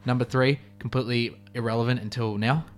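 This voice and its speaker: A man's voice: medium pitch, steady tone, brisk, faint music behind. A man co-hosting a student radio show, chatting casually in a rambling way full of fillers. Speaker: radio co-host.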